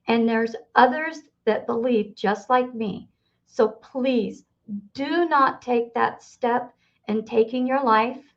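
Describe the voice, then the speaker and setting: An older woman hosting an interview show, speaking in an earnest, heartfelt way. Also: high-pitched. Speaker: host. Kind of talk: casual interview chat. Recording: dull lo-fi recording.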